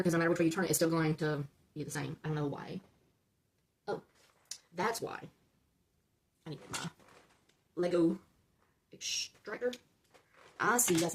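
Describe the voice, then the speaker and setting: Her voice sits low and slightly rough as she hosts a casual LEGO build-along. Step by step she talks viewers through it, checking "okay?" and catching herself when she flubs numbers.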